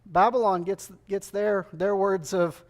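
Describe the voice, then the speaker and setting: An earnest male preacher delivering a sermon with a notably high-pitched voice. He drives his points home by repeating phrases and putting rhetorical questions to the church. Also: steady tone, unhurried.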